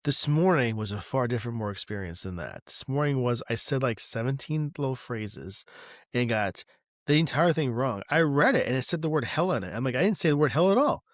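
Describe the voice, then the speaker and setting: A man's voice: medium pitch, animated, a little fast, no room sound, studio quality. A man co-hosting a casual tech podcast, telling a rambling, exaggerated story with lots of restarts. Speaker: podcast co-host.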